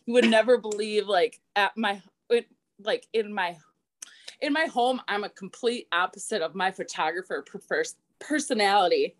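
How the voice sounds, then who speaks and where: A woman's voice: medium pitch, normal speed. A woman in her thirties, a wedding photographer being interviewed, talking animatedly and laughing often. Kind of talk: casual conversational interview.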